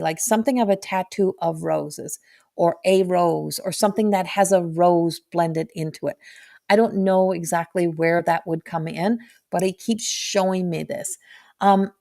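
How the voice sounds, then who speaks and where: Halting woman giving a medium reading. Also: lowish voice, dark tone. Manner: halting, searching, full of restarts and "like". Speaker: intuitive medium. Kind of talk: live channeled reading.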